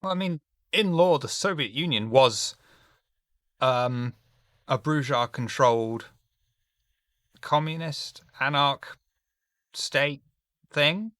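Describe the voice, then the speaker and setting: Bright, slow-talking man, dry sound. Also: a little high, dry recording. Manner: wry, casual, swears for emphasis. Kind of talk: casual chat.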